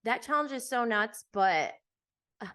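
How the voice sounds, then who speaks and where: Animated chatty woman podcast host. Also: fairly high pitch, unhurried. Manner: chatty and animated, laughs often, filler-heavy. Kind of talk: casual chat recapping reality TV.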